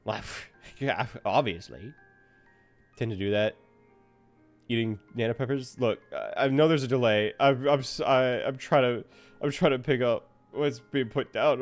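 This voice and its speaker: A man's voice: medium pitch, moderate pace, faint music behind. A man chatting casually to his viewers at the end of a stream, rambling and self-deprecating.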